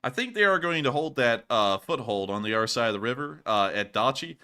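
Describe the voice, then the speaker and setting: Bright-voiced American man giving commentary. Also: mid-range voice, lively intonation, brisk, smooth. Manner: thinks out loud with frequent restarts. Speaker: host of a war news show. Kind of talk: casual commentary.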